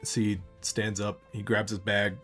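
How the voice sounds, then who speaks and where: A man narrating a tabletop game as game master, relaxed and halting with many fillers. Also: lowish voice, soft background music.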